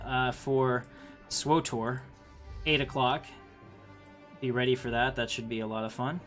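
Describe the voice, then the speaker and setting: A man on a game livestream, chatty and thinking out loud as he plays. His voice sits at an ordinary pitch. Faint music plays under his talk. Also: little pitch movement, measured pace, pauses often. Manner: chatty, thinks aloud, reads game text, talks to viewers. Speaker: streamer playing a strategy game. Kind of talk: casual livestream commentary.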